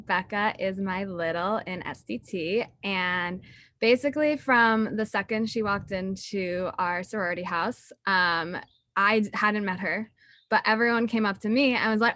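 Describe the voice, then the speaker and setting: A young woman speaks in a bright, forceful voice, gushing about a close friend in a chatty tribute packed with fillers. The sound is dry and close, with no room around it. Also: medium pitch, normal speed, dry recording. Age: young adult. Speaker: student speaker honoring a friend. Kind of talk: heartfelt tribute speech.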